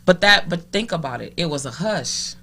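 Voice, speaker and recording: A middle-aged woman from the Minneapolis area, a podcast guest telling stories casually. She is animated, laughs often and acts out the voices of the people she quotes. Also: on the low side, moderate pace, a crowd in the background. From Minneapolis area, USA. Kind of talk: casual storytelling.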